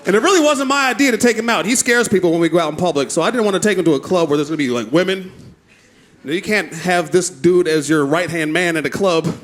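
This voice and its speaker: High-voiced, profane stand-up comic. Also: male voice, fast, a little hiss or hum. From United States. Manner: animated, profane storytelling. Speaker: stand-up comedian. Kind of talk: stand-up comedy. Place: comedy club stage. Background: audience laughter.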